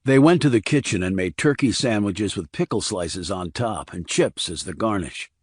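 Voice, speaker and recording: Brief: male audiobook narrator, low-pitched, steady reading, dry studio sound. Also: moderate pace, breathy edge, no room sound. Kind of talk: scripted thriller narration.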